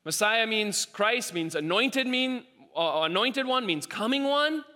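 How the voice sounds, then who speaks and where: A man preaching a sermon, animated and repeating himself as he acts out quoted voices. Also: high voice, unhurried. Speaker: pastor. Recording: long hall reverb.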